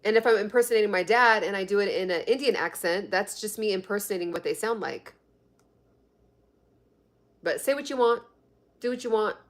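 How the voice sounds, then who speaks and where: A woman hosts a health and fitness live stream, talking in a mid-range voice at a fairly quick clip with long pauses. She's chatty, laughs often, and reads viewer comments aloud.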